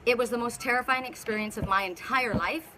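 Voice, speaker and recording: A woman's voice: fairly high pitch, fairly quick, pushed and bright, slight background noise. A woman spiritual teacher talking casually on a live video, telling a story in a rambling way with many restarts. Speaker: spiritual teacher and oracle reader.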